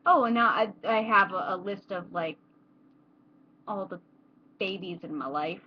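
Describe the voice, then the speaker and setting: A woman's voice: medium pitch, unhurried, muffled recording, a little hiss or hum. A young adult woman chatting casually to camera in a rambling way, with many fillers. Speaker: vlogger.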